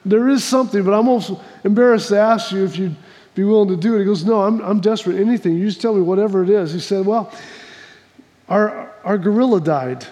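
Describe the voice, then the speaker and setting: A man's voice: high voice, fairly quick, dark tone, in a large hall. A man preaching a sermon, telling a folksy joke before reading scripture, with many restarts and repeats. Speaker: pastor.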